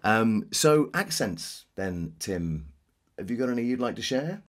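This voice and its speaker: A man's voice: lowish voice, very animated, a little slow. A man from Devon who works as a voice actor, chatting playfully and jokingly in a casual comic conversation. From Devon, England. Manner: playful, jokey, slips into impressions. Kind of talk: casual comic chat with accent impressions.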